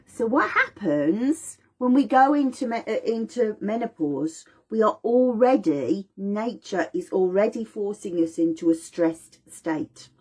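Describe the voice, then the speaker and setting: Lively husky-voiced woman teaching. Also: medium pitch, unhurried, hardly any pauses. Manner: animated, acts out voices of mum and baby. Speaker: aromatherapy teacher. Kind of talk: informal lecture.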